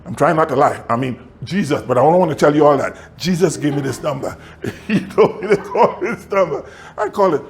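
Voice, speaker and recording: Middle-aged male pastor, storytelling sermon, animated swoops and chuckles, slightly high voice. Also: a little fast, slight background noise. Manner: animated preaching with sudden high pitch swings; chuckles while telling stories.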